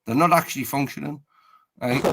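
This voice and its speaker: A man's voice: medium pitch, a little fast, creaky, noisy background. A middle-aged man, rambling in casual chat and tagging most phrases with "right, okay?".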